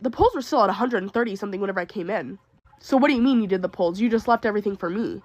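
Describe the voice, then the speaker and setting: Sick and upset, a young woman in retail rants through a storytime venting video in exasperated bursts. Her medium-pitched voice races along, and there's no echo.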